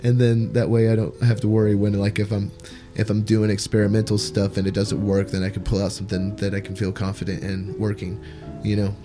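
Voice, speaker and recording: A man's voice: on the low side, flat delivery, brisk, over music. A man hosting a casual podcast chat as a comedian, talking in a laid-back, rambling way full of "like" and "you know".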